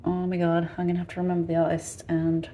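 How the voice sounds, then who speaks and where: A woman's voice: fairly low pitch, completely flat delivery, fast talker, slight background noise, rough recording. A woman in casual vlog chat, rambling as she gives a tour of her home. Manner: chatty and rambling, soft asides to herself. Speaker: artist vlogger.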